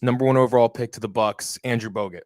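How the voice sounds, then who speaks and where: A man co-hosting a casual sports podcast, his voice sitting at an ordinary middle pitch. He talks in animated, rambling stories, peppered with slang and the odd curse. The recording is close and dry, with almost no room sound. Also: quick pace, no echo. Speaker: co-host.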